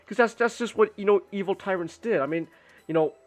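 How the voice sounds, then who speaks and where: Rambling streamer guy, higher voice. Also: a little fast, loud music behind the voice. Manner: rambling with many restarts and swearing. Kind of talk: casual chat while drawing on stream.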